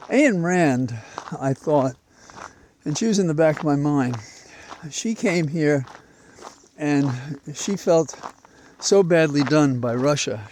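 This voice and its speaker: Guy walking outside talking into his mic, thinks out loud, lots of uhs, bit of wind noise. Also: fairly high pitch. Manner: rambling, reflective, with many "uh" pauses. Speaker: vlogger. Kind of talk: walking commentary. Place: outdoors on a walk. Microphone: portable mic carried while walking.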